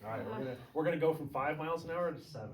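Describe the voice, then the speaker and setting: A man's voice: on the high side, racing, reverberant, recorded from a distance, crowd noise. A man teaching a small group to read Greek aloud, word by word, with patient encouragement. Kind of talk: leading a group reading lesson.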